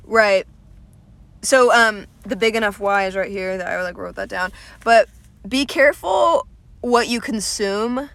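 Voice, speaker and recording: A woman's voice: mid-range voice, a little slow, gravelly, fairly bright tone, no room sound. A young woman from Atlanta, a comedian hosting her own podcast, rambles in a casual, self-deprecating way and swears freely. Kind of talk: casual solo podcast monologue. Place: small room at home, lights went out.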